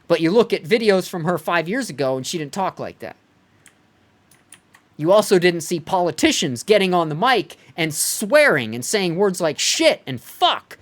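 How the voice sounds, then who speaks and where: A man's voice: a little high, very animated, normal speed, fairly bright tone. A man ranting heatedly and profanely during a game live stream, sometimes mocking others in put-on voices. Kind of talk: live-stream rant while gaming.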